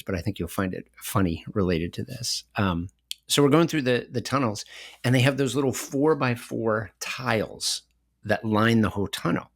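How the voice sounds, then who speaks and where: A middle-aged man co-hosting a podcast, telling stories in an animated way and laughing often. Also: medium pitch, moderate pace, dry recording, studio quality. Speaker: podcast co-host. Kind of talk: conversational podcast discussion.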